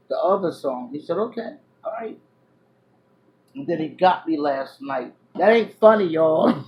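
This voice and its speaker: A woman vlogger telling a personal story to her viewers, loud one moment and hushed the next, full of fillers and restarts. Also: sits low, poor audio. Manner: animated, drifts between loud exclamations and hushed asides; chatty, many fillers and restarts.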